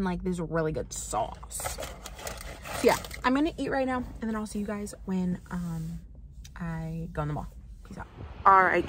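Young woman, casual vlogger, playful and animated delivery, noisy handheld sound. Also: fairly low pitch. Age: young adult. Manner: chatty and playful, talking to the camera. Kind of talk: casual vlog chat.

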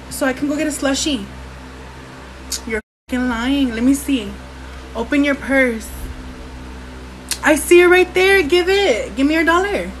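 A man's voice: very high voice, slight background noise. Man playing Rosa, a crude giggly young woman. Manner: loud, crude and giggly, drawling slang. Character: brash, crude young woman who swears and laughs a lot. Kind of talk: comedy sketch.

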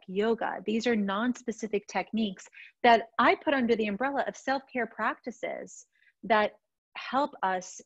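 A woman's voice: medium pitch, dry recording. Candid woman with a dry, muffled sound. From Russian-speaking family. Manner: candid, emotional, frequent restarts. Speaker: positive psychology teacher. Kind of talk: personal teaching talk to a group.

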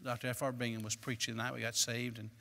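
A man preaching a sermon as a personal story, moving between quiet recollection and loud, emphatic bursts. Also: medium pitch, little pitch movement, fast talker, gravelly, big-room sound. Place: church sanctuary.

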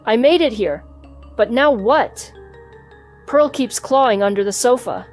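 Woman, children's storybook read-aloud, fairly high voice, even clear delivery, soft music underneath. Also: measured pace. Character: hamster narrator telling his own story. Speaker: storybook reader.

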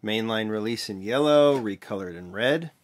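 Casting note: male vlog host, lowish voice, relaxed mumbly delivery, stops to correct himself. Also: normal speed. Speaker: vlog host, toy car collector. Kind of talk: casual show-and-tell vlog.

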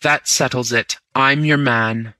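A man voicing an eager, slightly nervous young male accomplice in an audiobook, with quick questioning lines. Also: medium pitch, steady tone, sharp tone, no echo. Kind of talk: audiobook character reading.

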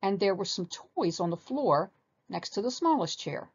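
A woman reading a children's story aloud with animated expression. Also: mid-range voice, moderate pace, breathy edge, lo-fi sound.

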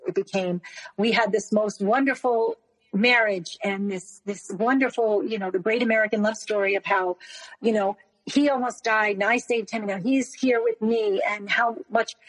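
Breathy woman telling her story, reverberant. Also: medium pitch. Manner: halting, with many restarts and repeated words. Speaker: interview guest. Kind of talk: emotional personal storytelling.

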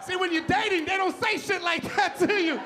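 High-voiced guy doing stand-up, loud and cursing a lot, crowd laughing in the club. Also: fairly even intonation, brisk, background noise. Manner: loud, profane, exasperated storytelling. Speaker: stand-up comedian. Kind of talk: stand-up routine. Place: comedy club stage. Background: audience laughing.

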